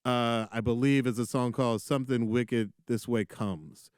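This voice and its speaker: Guy talking music casually, crisp smooth voice, dry sound, lots of likes and restarts. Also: medium pitch, normal speed, no echo. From Atlanta, USA. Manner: animated, lots of fillers and restarts. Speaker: podcast co-host.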